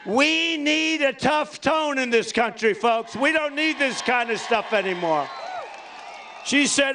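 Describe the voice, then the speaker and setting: High-pitched man giving a boastful rally speech. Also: lively intonation, measured pace, slight background noise. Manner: boastful, rambling and repetitive, sometimes shouting to the crowd. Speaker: political candidate at a campaign rally. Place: large rally venue before a cheering crowd.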